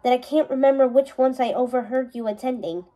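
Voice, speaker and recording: A focused, clever young princess, high and soft-toned, read by a woman. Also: a little fast, natural voice. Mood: earnest. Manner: focused, explaining.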